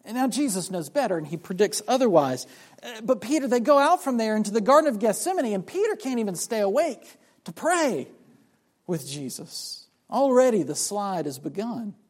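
Very animated and high-pitched, a man from South Carolina preaches at a moderate pace about a passage from the Bible. He voices the characters he quotes and repeats himself as he restarts his lines.

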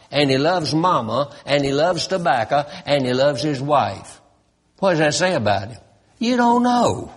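A man preaching a sermon in a slow, folksy, emphatic way, drawing out his words. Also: medium pitch, husky.

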